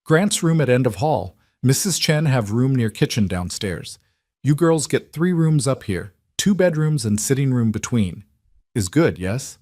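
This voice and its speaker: A man voicing a brisk, motherly Chinese cook in her fifties who scolds in clipped broken English. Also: mid-range voice, sing-song, dark tone, no room sound, clean studio sound, voice pushed up. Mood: bossy warm. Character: bustling motherly older Chinese cook woman.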